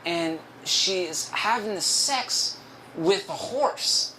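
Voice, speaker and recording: A man voicing a quiet, creepy male restaurant busser who talks in halting, broken English. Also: high-pitched, expressive, rough recording. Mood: hushed.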